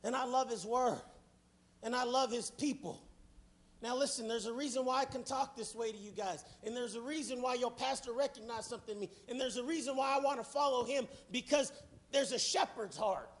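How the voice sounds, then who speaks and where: A middle-aged man preaching with fervor and a strikingly high voice. He swings from soft, low passages to ringing shouts at the congregation. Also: a little fast. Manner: fervent, building to shouts. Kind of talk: sermon.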